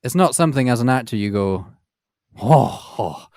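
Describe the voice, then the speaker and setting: A man's voice: medium pitch, fast talker, clean tone, dry recording, studio quality. A man co-hosting a podcast, chatting casually about films and acting out the voices of people in his stories. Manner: animated storyteller who acts out quoted voices. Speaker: podcast co-host. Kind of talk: casual film chat.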